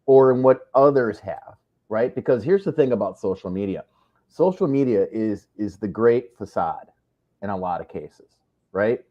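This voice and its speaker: A man's voice: on the low side, animated, normal speed, lo-fi sound. A man hosting a live video chat, talking in an earnest, motivational way and often checking in with "right?". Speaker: live show host. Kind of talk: casual live-stream chat.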